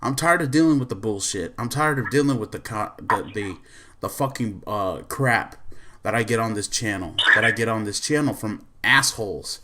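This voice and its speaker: A man's voice: lowish voice, moderate pace, background noise. Man ranting angrily on his podcast. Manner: repetitive and profane, heated venting with restarts. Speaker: podcast host. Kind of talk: angry rant.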